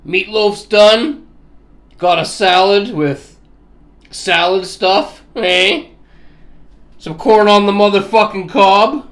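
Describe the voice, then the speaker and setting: A man's voice: high-pitched, slow, fairly bright tone. A Canadian man with a Canadian accent, chatting loosely at his kitchen table, swearing and laughing as he talks. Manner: crude, swearing, laughing, tags lines with "eh". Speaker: vlogger. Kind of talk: casual vlog chat.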